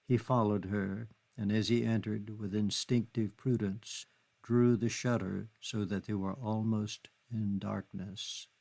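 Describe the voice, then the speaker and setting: A man narrating a literary novel in a measured, steady reading. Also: lowish voice, gravelly. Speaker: audiobook narrator.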